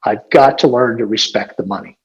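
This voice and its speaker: A man in his sixties, a gym owner, telling rambling, animated stories in a casual podcast chat, full of "you know" and restarts. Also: fairly low pitch, brisk, breathy edge, highs cut off. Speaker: gym owner and business coach.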